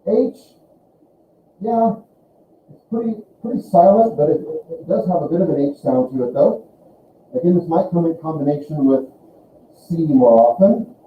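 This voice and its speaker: A male teacher giving a classroom language lesson, slowly drawing out sounds as he demonstrates them. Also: on the high side, slight background noise. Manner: slow, drawn-out demonstration of sounds. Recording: echoey classroom over a tinny line.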